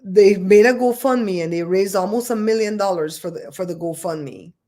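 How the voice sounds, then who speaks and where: A woman talks through a casual livestream in a chatty, expressive way. She moves from story to story, and she has a voice of ordinary pitch for a woman. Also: normal speed. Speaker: livestream host.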